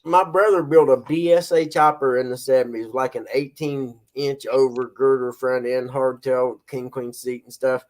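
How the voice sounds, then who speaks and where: A man's voice: medium pitch, fairly even intonation, normal speed, hardly any pauses. A middle-aged man hosting a casual live stream, chatting and greeting viewers by name. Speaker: stand-in host of a live stream.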